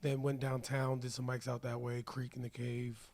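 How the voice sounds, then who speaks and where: A man in his thirties with a raspy voice, chatting casually as a podcast guest and stand-up comic, laid-back and loose. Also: medium pitch, completely flat delivery, moderate pace, a little mellow, dry recording. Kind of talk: casual chat. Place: podcast studio.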